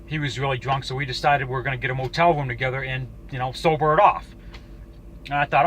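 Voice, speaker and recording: Bright-voiced man telling a story, swearing freely. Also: mid-range voice, fairly even intonation, a little hiss or hum, poor audio. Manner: profane, halting, with frequent restarts. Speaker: YouTuber. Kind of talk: casual storytelling to camera.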